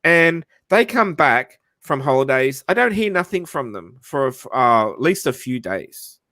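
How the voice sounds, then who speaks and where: A man's voice: medium pitch, sing-song, unhurried, sharp tone, no echo, clean studio sound. An Australian man telling a long anecdote in casual livestream chat, rambling with restarts and frequent swearing. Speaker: livestream host.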